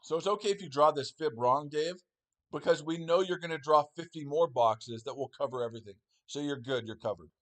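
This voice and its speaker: A man's voice: on the high side, fairly quick. A man co-hosting a live trading stream who rants in a sarcastic, profane way. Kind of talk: casual live-stream talk.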